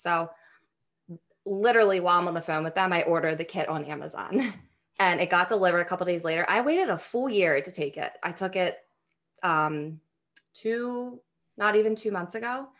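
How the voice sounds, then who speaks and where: A woman's voice: fairly low pitch, moderate pace, a bit bright. A young woman telling a family story in casual chat, rambling with restarts and frequent laughs. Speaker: podcast guest.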